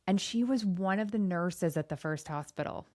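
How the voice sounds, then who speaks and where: A woman's voice: on the low side, moderate pace, darkish tone. A middle-aged woman hosting a coaching podcast, telling a heartfelt story in an earnest, conversational way.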